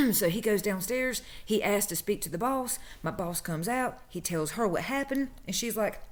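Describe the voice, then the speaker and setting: A woman's voice: mid-range voice, animated, moderate pace. A woman, casually telling a story about her old job and acting out the people she quotes. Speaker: vlogger telling a work story.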